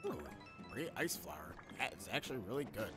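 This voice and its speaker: A man talking his way through a game on a live stream, rambling from thought to thought with dry, wry asides. His voice sits at an ordinary middle pitch. Game music plays clearly behind him the whole time. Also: very animated, fairly quick. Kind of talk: casual gameplay commentary. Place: home streaming setup.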